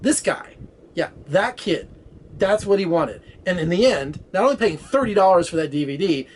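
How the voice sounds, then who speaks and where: A man's voice: high voice, moderate pace. A man casually telling a long road-trip story to camera, acting out the people he met. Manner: animated, acts out voices in his story. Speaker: film critic vlogger. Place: Las Vegas area.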